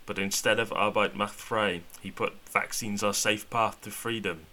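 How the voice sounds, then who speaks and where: A man's voice: on the low side, fairly even intonation, normal speed, bright, forceful tone. Man reading as a chatty cabbie. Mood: mocking. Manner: mocking read-out of a tweet. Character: chatty working-class male taxi driver, gossipy.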